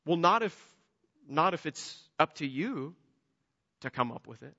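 A man preaching a sermon, animated, moving between loud emphasis and hushed storytelling. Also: a little high, unhurried. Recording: dull lo-fi sound with long hall reverb.

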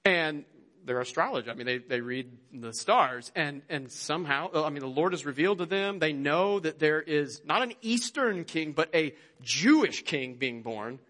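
Man, pastor, animated sermon storytelling, bright tone, somewhat high pitch. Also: normal speed. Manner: animated storytelling, acts out quotes with rising pitch.

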